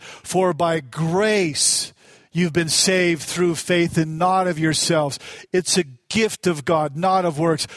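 A man's voice: high-pitched, fairly bright tone, no echo. A middle-aged male pastor preaching a sermon in a conversational way, telling a personal story with feeling. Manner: conversational and self-deprecating, tells personal stories with emotion.

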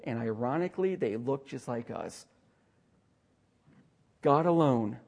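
A man preaching a sermon as pastor, with dramatic swings between loud emphasis and hushed asides and a sarcastic streak. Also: mid-range voice, vocal fry. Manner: sarcastic humor.

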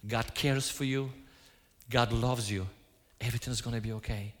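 In a church with hall reverb, a man preaches in a steady, fairly bright mid-range voice at normal speed. His sermon is built on storytelling, and he acts out the lines he quotes from himself.

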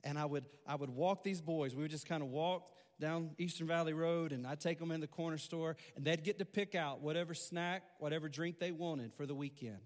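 A man pastor tells a personal story from the pulpit in an easy, conversational way, repeating words as he builds momentum. His voice sits a little high for a man. The sound carries a long reverb from a large hall. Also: brisk, hardly any pauses. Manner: conversational, animated storytelling with repetitions. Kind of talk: storytelling sermon.

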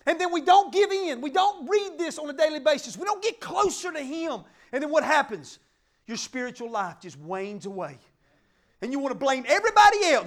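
A middle-aged man preaching a sermon, fervent and emphatic, swinging between loud declarations and quiet asides. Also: very high voice, very animated, normal speed. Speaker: pastor.

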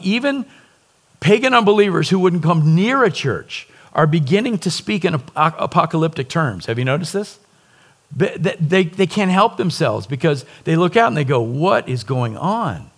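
A middle-aged man preaching a sermon as pastor, earnest and emphatic, often checking in with the congregation through rhetorical questions. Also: a little high.

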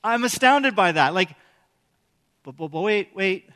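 A man's voice: high-pitched, lively intonation, unhurried, fairly bright tone, long reverb tail. A man preaching a sermon in a conversational way, often asking the congregation questions. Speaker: pastor.

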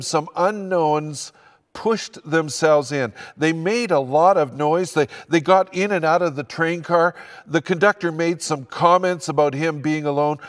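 Older pastor preaching in a reverberant hall. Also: male voice, a little high. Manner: earnest, building emphasis. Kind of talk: sermon.

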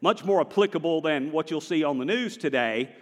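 A man preaching a sermon to his congregation in a church, animated and conversational, drawing the congregation in. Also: a little high, brisk, long reverb tail. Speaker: pastor. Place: large church sanctuary.

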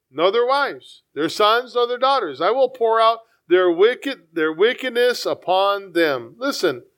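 High-voiced preacher man reading scripture. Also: a bit bright. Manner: rises in pitch for emphasis, repeats words, stumbles while reading.

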